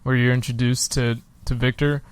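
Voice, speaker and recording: A man's voice: mid-range voice, level tone, moderate pace, clean tone, no echo. A man co-hosting a casual podcast, chiming in with jokes about a film. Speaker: podcast co-host. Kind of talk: casual movie discussion.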